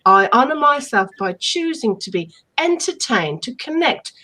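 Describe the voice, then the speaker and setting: A woman's voice: high-pitched, moderate pace, low-quality recording. A woman co-hosting a self-help live stream, speaking in an emphatic, affirming way over a video call. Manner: emphatic, affirming, animated delivery.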